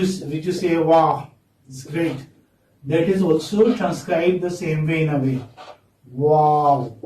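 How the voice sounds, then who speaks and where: Man, teacher, high voice, slow, distant echoey classroom. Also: a little mellow. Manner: slow, drawn-out, coaxing students with repeated questions. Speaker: English teacher. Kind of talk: classroom phonetics lesson.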